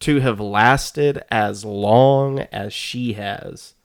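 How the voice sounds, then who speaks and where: Middle-aged guy talking slow on a podcast, lots of ums, kinda hesitant. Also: lowish voice. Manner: unhurried, hesitant, many fillers. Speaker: podcast co-host. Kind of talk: casual chat.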